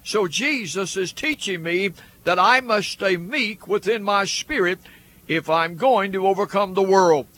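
A man's voice: sits high, unhurried, bright, forceful tone. A man preaching a radio sermon, earnest and building through repeated phrases. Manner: earnest, repetitive preaching cadence.

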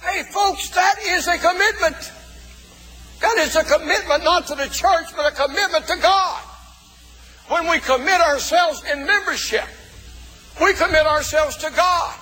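A male pastor preaching a sermon in a folksy way, calling out to the congregation and shouting for emphasis. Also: very high-pitched, a little slow, faint music behind. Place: church. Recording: long reverb of a church hall.

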